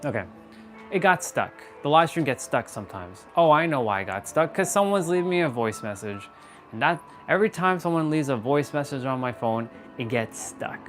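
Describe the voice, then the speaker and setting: Expressive and medium-pitched, this man speaks at a moderate pace in a slightly bright voice, with soft music in the background. He's hosting a laid-back motivational livestream, rambling, playing with words, and addressing chat through a phone or laptop mic.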